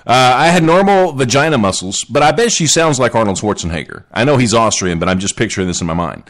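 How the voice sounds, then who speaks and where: Animated joking male podcast host. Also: on the low side, fast. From Southern United States. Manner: joking, chatty, reads listener chat aloud. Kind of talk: casual live podcast chat.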